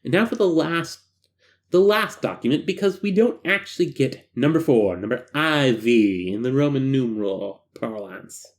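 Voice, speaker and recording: A man's voice: mid-range voice, moderate pace. A man hosting, reading a horror file aloud with jokey asides. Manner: animated, breaks off for jokey asides.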